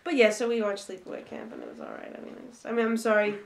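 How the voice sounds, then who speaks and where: A woman co-hosting a casual chat, teasing and telling lively anecdotes. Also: mid-range voice, very fast, creaky, echoey room. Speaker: co-host.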